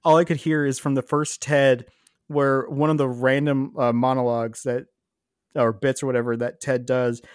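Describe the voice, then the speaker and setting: A man's voice: medium pitch, no room sound, studio quality. A man co-hosting a podcast in casual chat, joking and sarcastic. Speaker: podcast co-host.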